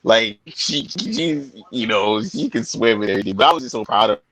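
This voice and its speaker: A man's voice: lowish voice, lively intonation, moderate pace, a bit bright, low-quality recording. A man on a video call casually telling a proud story about his daughter, acting out the voices in it. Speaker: guest father.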